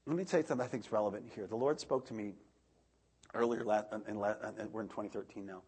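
A man in his thirties preaching a sermon, animated, swinging between loud outbursts and soft asides. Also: on the low side, fast, breathy edge.

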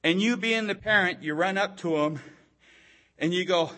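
A man preaching a sermon, telling a story and checking in with his listeners, growing louder at dramatic moments. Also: sits high, steady tone. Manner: storytelling, repeats "okay?" to the audience; slow and deliberate, swelling louder at dramatic moments.

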